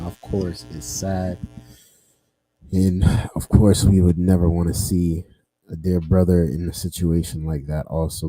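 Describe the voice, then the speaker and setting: A man's voice: sits low, mellow, no echo, poor audio. A man hosting a casual talk show, laid-back, reacting and summing up. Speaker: podcast host. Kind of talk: casual chat.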